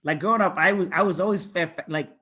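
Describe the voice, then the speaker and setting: A man's voice: high voice, sharp tone. A man hosting a live talk on a video call, playful and joking. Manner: playful, quick to mimic voices. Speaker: host. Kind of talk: casual video call interview.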